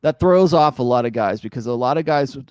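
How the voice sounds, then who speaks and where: A middle-aged man, an author, explaining his views in a measured way in a casual podcast conversation. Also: mid-range voice, expressive, a little mellow, smooth, dry recording, clean studio sound. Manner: measured, explanatory, with fillers and restarts.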